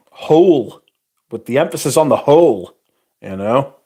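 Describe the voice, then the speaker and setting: A man's voice: fairly high pitch, very animated, takes it slowly, husky. A British man hosting a casual livestream, reading chat and answering in a blunt, sarcastic, sweary way.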